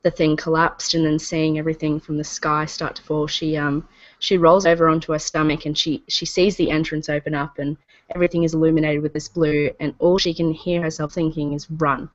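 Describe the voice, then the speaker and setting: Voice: medium pitch, flat delivery, fairly quick, muffled recording. A player describing a character's actions in a tabletop game, hesitant and restarting phrases.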